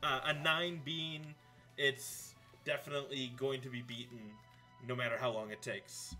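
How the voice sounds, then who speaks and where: Man, let's play streamer, chatty and rambling, bright voice, music faintly behind. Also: mid-range voice, flat delivery, moderate pace. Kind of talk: game commentary.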